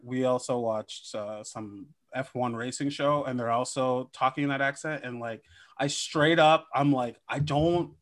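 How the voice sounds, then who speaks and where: A man's voice: mid-range voice, normal speed. Riffing man on a comedy podcast. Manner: animated riffing, slips into mock voices. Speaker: podcast co-host. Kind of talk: casual comedic chat.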